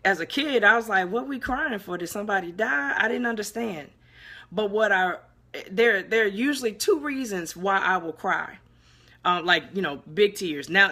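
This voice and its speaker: A woman's voice: mid-range voice, bright, forceful tone. A woman giving an earnest, emotional devotional talk, preaching with repeated phrases. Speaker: inspirational video host.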